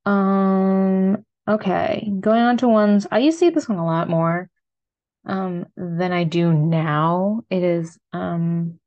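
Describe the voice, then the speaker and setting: A woman's voice: lowish voice, takes it slowly, highs cut off. A young American woman chatting casually and rambling about food she loves, with lots of fillers. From United States. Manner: rambling, filler-heavy, upbeat. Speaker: food vlogger. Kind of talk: casual solo food chat.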